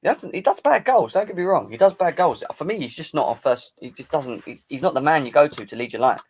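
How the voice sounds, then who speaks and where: Man, live-stream host, boisterous banter, teasing, average pitch. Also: animated, fast talker, husky. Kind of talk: casual live-stream football chat.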